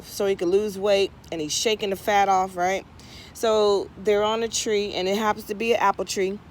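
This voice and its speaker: A woman's voice: mid-range voice, a little hiss or hum. A woman tarot reader telling a casual story outdoors in her garden, chatty with frequent asides. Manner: chatty, drawling, many asides and "right?".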